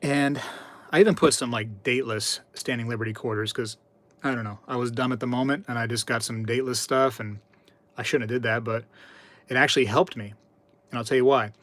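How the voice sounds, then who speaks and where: A man chatting on a live stream at a middle pitch, talking loosely and repeating his words as he reads the chat and tells a story. His voice is close and dry, with no room sound around it. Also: fairly even intonation, fairly quick, fairly bright tone, dry recording. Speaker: livestream host.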